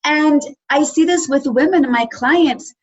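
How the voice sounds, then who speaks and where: A woman hosting a podcast, chatting casually and telling stories in quick, lively bursts. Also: high-pitched. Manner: lively, explains research in quick storytelling bursts. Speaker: podcast host. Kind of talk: casual interview chat. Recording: muffled lo-fi audio.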